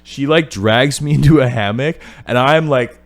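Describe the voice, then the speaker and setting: A young man on a podcast, telling a story in a casual, animated way and filling his talk with "like.". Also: mid-range voice, normal speed. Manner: animated, says "like" constantly. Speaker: podcast guest.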